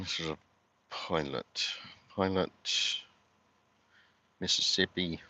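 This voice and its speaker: A man's voice: low-pitched, sharp tone, no echo. A man with a London accent chatting casually to his viewers on a livestream, rambling and asking them questions. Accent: London English. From London, England. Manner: rambling, talks to chat viewers while doing chores. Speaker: livestream host.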